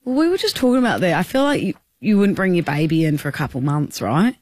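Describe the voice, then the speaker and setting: A woman's voice: lowish voice, sing-song, fast, a little mellow, no room sound, clean studio sound. An Australian woman co-hosting a radio show, playful and giggly in casual banter. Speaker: radio co-host. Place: radio studio.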